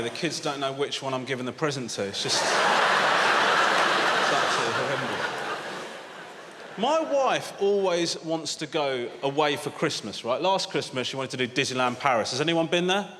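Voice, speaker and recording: A man, doing a deadpan, mock-grumpy stand-up routine on a theatre stage, acting out other voices. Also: medium pitch, moderate pace. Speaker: stand-up comedian. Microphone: handheld stage mic. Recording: live theatre with long reverb, loud audience noise.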